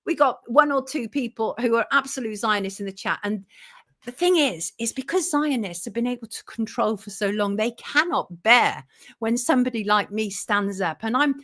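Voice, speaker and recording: On her livestream, a journalist and host with a fairly high voice, lively intonation, and moderate pace tackles viewer comments read aloud. Her replies are blunt and self-declared belligerent, balanced by warm thanks to the audience.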